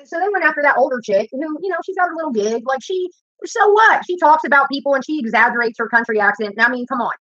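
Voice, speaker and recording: A woman's voice: sits high, expressive, quick pace, fairly bright tone, no echo. A woman YouTuber ranting in a profane, confrontational, rambling way while she cooks at home. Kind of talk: ranting while cooking on a livestream. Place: home kitchen. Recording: dull lo-fi sound, dry.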